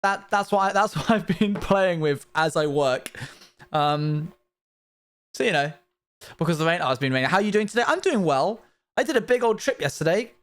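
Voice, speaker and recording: A man's voice: sits high, lively intonation, moderate pace, fairly bright tone. A young man hosting a casual livestream from his desk, rambling and laughing at himself as he chats. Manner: rambling, giggly, self-mocking. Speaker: livestream host.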